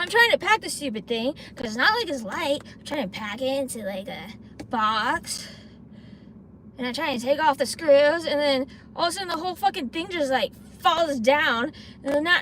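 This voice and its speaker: A woman's voice: high voice, a bit bright, slight background noise. A young woman streaming from her parked car, chatting to viewers and ranting with plenty of swearing. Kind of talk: casual live-stream chat.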